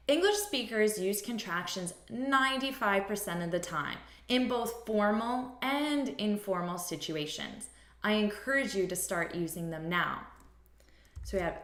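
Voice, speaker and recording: A woman English teacher explaining pronunciation, modelling phrases slowly and asking learners to repeat them. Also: mid-range voice, very animated, fairly bright tone, echoey room. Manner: slow, deliberate, modelling phrases for repetition.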